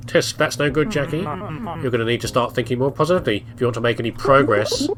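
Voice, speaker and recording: A man's voice: mid-range voice, quick pace, over music, close to an everyday voice. A man voicing an upbeat, pushy male office manager in a game, reading his lines in a chirpy, falsely encouraging tone.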